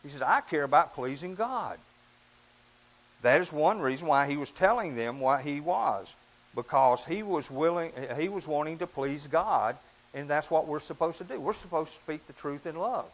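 A man preaching a sermon in an earnest, emphatic way, often rising and dropping in pitch and volume. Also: animated, moderate pace, rough recording.

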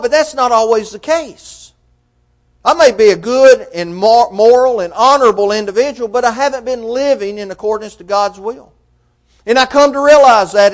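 High-voiced preacher asking rhetorical questions. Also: male voice. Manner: rhetorical questions, swells loud then drops soft. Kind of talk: sermon.

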